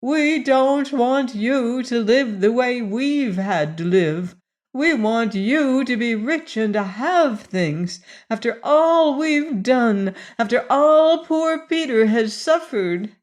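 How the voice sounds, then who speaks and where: A middle-aged mother speaks in a reproving, martyred manner, voiced by a woman narrator. Her delivery is slow and deliberate. This is an audiobook character voice. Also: medium pitch, expressive, darkish tone, natural voice.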